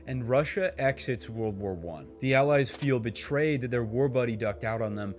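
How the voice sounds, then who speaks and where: A man's voice: mid-range voice, moderate pace. A man giving scripted narration for a history video essay, with a dry, sardonic humor.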